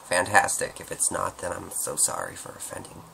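A man's voice: low voice, moderate pace, vocal fry, bright, forceful tone, a little hiss or hum, poor audio. A man answering viewer questions at home in a rambling, joking, self-deprecating way. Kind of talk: casual Q&A monologue.

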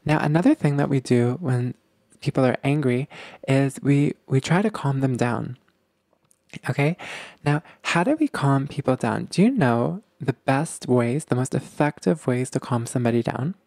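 A man hosts a casual podcast and talks straight to his listeners, earnest and informal. His voice sits at an ordinary middle pitch, and the recording is dry and close, with no room sound. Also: normal speed, darkish tone, dry recording. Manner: earnest, addresses listeners as "guys", repeats words. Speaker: podcast host. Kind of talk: casual advice podcast talk.

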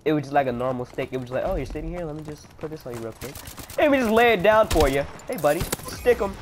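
High, lively playful young gamer guy. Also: fast talker, noisy background. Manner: playful, taunts enemies in sing-song banter; excitable, yelps and shouts when hit. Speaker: gameplay commentator. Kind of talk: live gameplay commentary. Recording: loud game gunfire behind voice. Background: game sound effects and gunfire.

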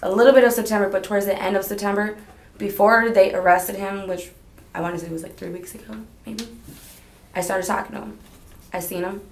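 A woman's voice: medium pitch, fairly even intonation, brisk. A woman in her twenties being questioned by police, telling her story in a rambling, hesitant way. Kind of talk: police interview. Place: police interview room. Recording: roomy archival interview recording.

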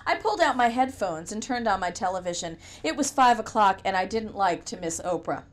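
A woman's voice: medium pitch, lively intonation, fairly quick. A woman reading a novel aloud in first person, with a wry, conversational storytelling manner. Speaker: audiobook narrator. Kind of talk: first-person audiobook narration.

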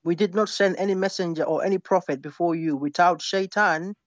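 A man's voice: high voice, a little fast, no room sound. Defensive male caller on dull, dry line. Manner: defensive, laughs dismissively. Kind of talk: debating on a phone call. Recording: dry, dull phone-call audio.

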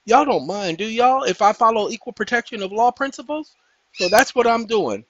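A man hosting his own channel, talking viewers through a casual tutorial in a folksy, preachy way, often calling them ladies and gentlemen. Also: sits high, expressive, moderate pace. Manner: breaks off to talk to his dogs. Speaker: channel host. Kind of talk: casual screen-share tutorial. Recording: dull dry lo-fi sound.

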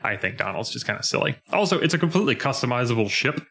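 A young man co-hosting a casual podcast, animated and jumping into mock voices as he retells scenes. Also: mid-range voice, very fast, gravelly, breathy edge. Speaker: podcast co-host. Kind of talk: casual chat.

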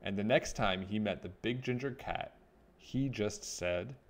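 A man reading a children's picture book aloud, with expressive storytelling. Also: on the low side, unhurried.

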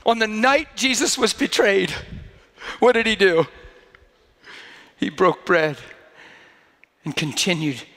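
A male preacher with a high voice delivers a sermon in a church hall. His delivery is chatty and direct, climbing to fervent, insistent peaks. A long reverb trails each phrase. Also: lively intonation, takes it slowly, pauses often, fairly bright tone. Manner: conversational, rising to fervent emphasis; acts out quoted voices mockingly.

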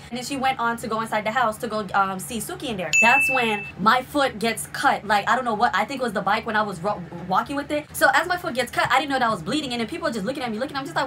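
Excitable fast-talking young woman. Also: on the high side, noisy background. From South Florida. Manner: excitable, slangy, gushing storytelling. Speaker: vlogger. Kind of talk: storytime vlog.

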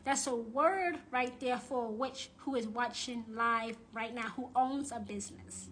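Woman, witch and tarot reader, high and bright voice, blunt, profane livestream rant. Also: a little slow, slight background noise. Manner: repeats phrases for emphasis. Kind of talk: live-streamed rant.

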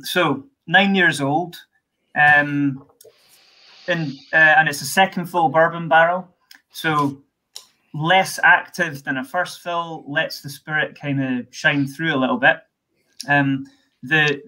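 A man, a spirits manager, giving relaxed, descriptive tasting notes with many fillers on a video call. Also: a little high, rough recording.

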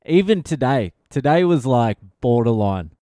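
A man's voice: medium pitch, big pitch swings, a little slow, dark tone, no echo, studio quality. A middle-aged man, a comedian hosting his own podcast, rambling through a casual comedic monologue and swearing constantly.

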